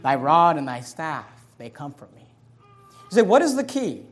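High-voiced man preaching a sermon. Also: big pitch swings, moderate pace. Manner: preaching, swings from loud emphatic scripture reading to quiet, low asides; reads old-style scripture and answers rhetorical questions. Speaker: pastor.

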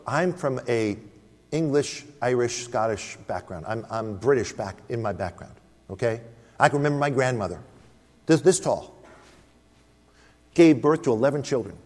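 A man's voice: mid-range voice, darkish tone, in a large hall. A man preaching a sermon, emphatic and storytelling, calling out to the congregation. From United States. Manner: emphatic, storytelling, calls out Amen.

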